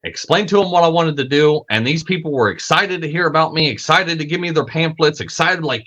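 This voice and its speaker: A man hosting his own podcast, talking in a casual, animated monologue. He swears freely, stumbles over repeated words and acts out the voices he quotes. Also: a little fast, hardly any pauses. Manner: acts out quoted voices with big pitch jumps. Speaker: podcast host.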